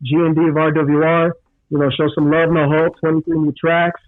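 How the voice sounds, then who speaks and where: Guy calling in on a tinny phone line, flat monotone, kinda high. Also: moderate pace, no echo. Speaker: guest rapper. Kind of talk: casual chat.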